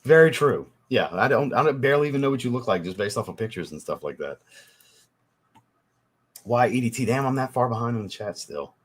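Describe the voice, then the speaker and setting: Brisk and expressive, with a mid-range voice, he runs a fragrance livestream, casually talking with viewers and reading out their comments. He's getting over a cold, and his manner is loose and profane, full of frequent swearing.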